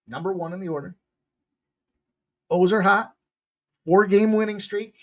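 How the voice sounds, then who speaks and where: A man hosting a sports betting picks show, talking casually in a loose, jokey way with bursts of loud excitement. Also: high voice, a little slow, highs cut off.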